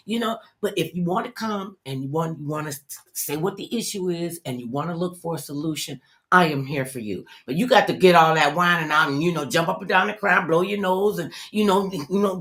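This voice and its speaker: An older woman hosting an interview show, chatting in a lively, animated way and telling stories. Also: lowish voice. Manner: animated, storytelling, acts out other people's voices. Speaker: talk show host.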